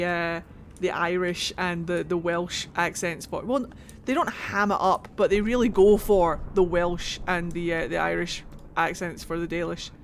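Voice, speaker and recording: A woman's voice: lowish voice, slight background noise. A woman streaming a game, chatting and rambling about what is on screen. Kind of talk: casual game commentary.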